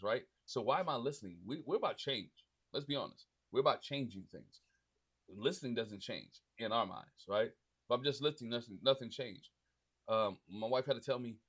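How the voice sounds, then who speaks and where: A man's voice: medium pitch, fairly bright tone, breathy edge. A man in his forties hosting a casual, faith-based advice talk for husbands, often checking in with "right?" and restarting his sentences. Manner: conversational, frequent "right?" tags and restarts. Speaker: podcast host speaking to husbands.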